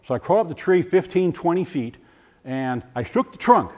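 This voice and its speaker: Older man telling a lively story. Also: fairly high pitch, moderate pace. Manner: animated storyteller, acts out voices, stumbles and restarts. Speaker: former science teacher giving a testimony. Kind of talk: personal testimony talk to a group.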